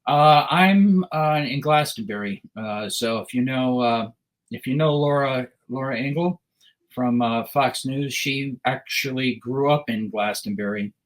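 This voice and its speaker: A man's voice: medium pitch, measured pace, poor audio. A man from Connecticut, co-hosting a podcast, asks long, rambling questions full of fillers. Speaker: podcast co-host.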